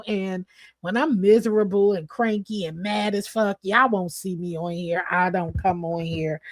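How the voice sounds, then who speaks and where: A woman's voice: medium pitch, no echo. Chatty woman with a dry, close sound. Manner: expressive and chatty, laughs often, swears casually. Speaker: livestream host. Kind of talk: casual livestream chat to viewers.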